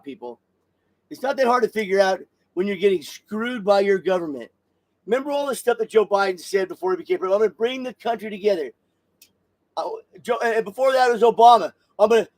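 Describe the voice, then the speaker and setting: Man, middle-aged, high-pitched, heated, repetitive, stumbling restarts, live political rant. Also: darkish tone. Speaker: podcast host.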